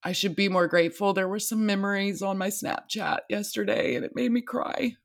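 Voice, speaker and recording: This young woman from the United States is brisk and gravelly as she rambles wearily through a confessional vlog, cursing without restraint. Her pitch is medium and her intonation fairly even.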